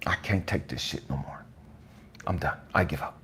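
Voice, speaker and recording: A man giving an impassioned, profane motivational monologue, swinging between hushed whispers and raised outbursts. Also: very deep voice, normal speed, long pauses, a little hiss or hum. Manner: profane, blunt street talk. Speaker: motivational speaker.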